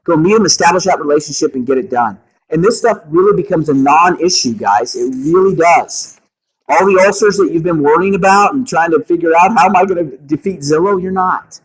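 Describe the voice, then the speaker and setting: Husky man coaching a sales meeting. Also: on the high side, a little fast, low-quality recording. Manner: energetic, keeps checking in with the room. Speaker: meeting leader at a realty office. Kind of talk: coaching talk to agents.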